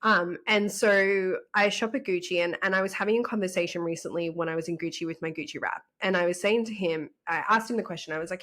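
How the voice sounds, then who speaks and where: A woman's voice: on the low side, quick pace, few pauses, a bit bright. A woman, a podcast guest talking casually and enthusiastically, often repeating rhetorical questions.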